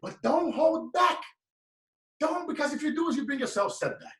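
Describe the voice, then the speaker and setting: A man's voice: very high voice, expressive, normal speed, a bit bright. A man, giving a preaching, emphatic motivational talk as a guest speaker. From Brazil. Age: late 30s. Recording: echoey room, mic at a distance.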